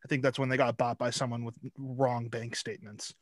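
A man's voice: medium pitch, level tone, fairly quick, dry recording, studio quality. A man co-hosting a casual hockey podcast, wry and skeptical as he reads out stats. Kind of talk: casual chat.

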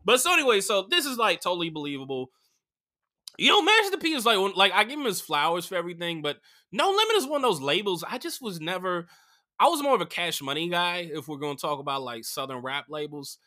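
Comedy podcast host, young man, very bright voice, slightly raised pitch, crude and animated delivery. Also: fast. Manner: crude, animated, full of fillers. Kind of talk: casual comedic storytelling.

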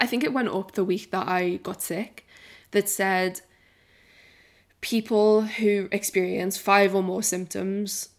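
Woman in her 20s, podcast co-host, candid rambling chat. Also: mid-range voice. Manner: candid and rambling, swears, says "like" a lot. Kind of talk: casual chat.

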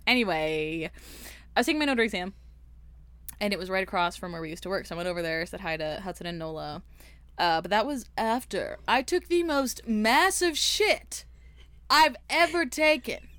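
A woman's voice: medium pitch, moderate pace, a bit bright, smooth, no room sound. A woman co-hosting a casual book podcast, telling crude, jokey stories with lots of laughter. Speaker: podcast co-host.

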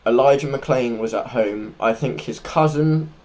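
A man's voice: medium pitch, measured pace, a little mellow. Earnest rambling man. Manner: earnest, loose and rambling, searching for words. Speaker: podcast co-host. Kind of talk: unscripted conversational storytelling.

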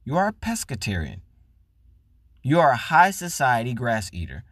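A man hosting a podcast, ranting and swearing in a mocking, loud comedic way. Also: mid-range voice, huge pitch swings, moderate pace, dry recording, studio quality. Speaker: podcast host. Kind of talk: profane comedic rant.

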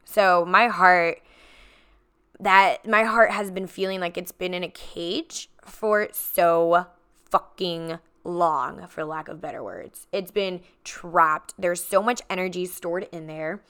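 Bright, crisp-voiced woman podcaster. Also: lowish voice, steady tone, slow, no echo, clean studio sound. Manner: emphatic and repetitive, addresses listeners as guys. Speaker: podcast host. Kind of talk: personal storytelling to listeners.

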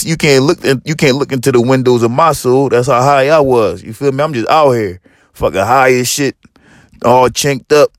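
A man hosting a podcast, telling a profane comedic monologue with lively storytelling, acting out other people and rising to yelling. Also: medium pitch, dry recording, studio quality. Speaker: podcast host.

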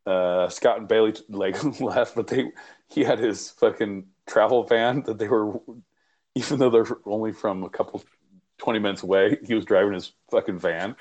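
A man's voice: on the low side, fairly even intonation, moderate pace, darkish tone, highs cut off. A man co-hosting a podcast, telling rambling, profanity-laced stories in casual chat. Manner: rambling, profane anecdotal storytelling. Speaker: podcast co-host.

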